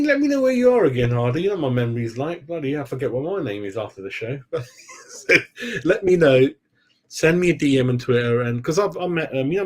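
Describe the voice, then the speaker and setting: A man's voice: medium pitch, darkish tone. A man hosting a casual football fan live stream, rambling and chatty, calling viewers "mate" and forgetting names. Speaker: football fan channel host.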